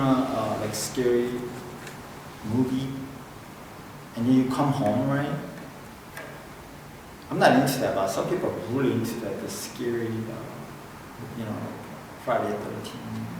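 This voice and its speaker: A middle-aged man with a Korean accent, preaching a sermon as pastor, repeating key points and checking in with "okay?". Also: medium pitch. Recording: echoey hall from far off, noisy room.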